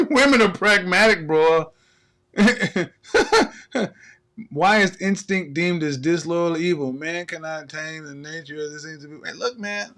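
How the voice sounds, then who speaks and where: A man's voice: on the high side, unhurried, bright, forceful tone. A man hosting a live stream, ranting in a casual comedic way, profane and laughing often.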